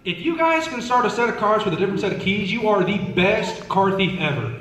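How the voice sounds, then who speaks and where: A man's voice: high-pitched, lively intonation, fairly quick. A young man doing stand-up at a school talent show, telling chatty stories and asking the crowd questions. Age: young adult. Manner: chatty, asks the crowd questions, acts out relatives. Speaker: student comedian. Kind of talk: stand-up storytelling. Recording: echoey hall from far off.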